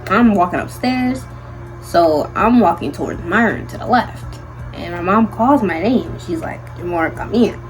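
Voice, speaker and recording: Animated young woman telling a storytime. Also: mid-range voice, a little slow, over music, rough recording. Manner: animated, slangy storytelling with many fillers. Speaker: vlogger. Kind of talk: storytime vlog.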